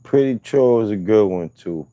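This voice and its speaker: A man's voice: fairly low pitch, expressive, normal speed, lo-fi sound, slight background noise. A man hosting a casual livestream, teasing and joking with his viewers. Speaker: livestream host.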